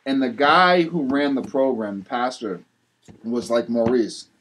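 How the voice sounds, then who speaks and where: A Rhode Island man appears as a podcast guest, recounting his story openly and with lots of energy, acting out the lines other people said. His voice sits at a medium pitch and moves a little slowly, with slight background noise in the recording.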